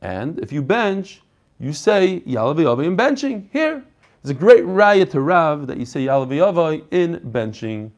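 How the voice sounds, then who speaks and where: A man teaching an online Talmud class over a video call, animated and quizzing his students. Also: a little high. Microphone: computer mic on a video call.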